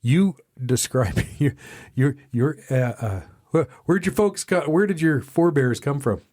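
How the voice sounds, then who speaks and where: A man's voice: on the high side, a little slow. A man from Texas hosting a recovery podcast interview, telling a long folksy story with many restarts and self-deprecating asides. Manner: rambling storyteller, animated voices in quotes, self-deprecating. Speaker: podcast host. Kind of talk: casual interview. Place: small studio.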